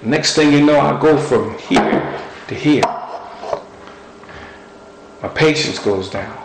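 A man's voice: mid-range voice, animated, slow, vocal fry, reverberant, background noise. A man preaching a sermon, speaking earnestly and building his points through repetition.

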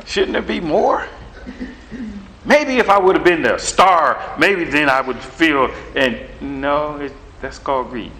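A middle-aged man delivers a sermon in an animated, conversational style. His voice sits somewhat high, and a faint hiss of room noise runs underneath. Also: measured pace, few pauses, poor audio. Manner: animated, conversational, acts out dialogue with God. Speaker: preacher.

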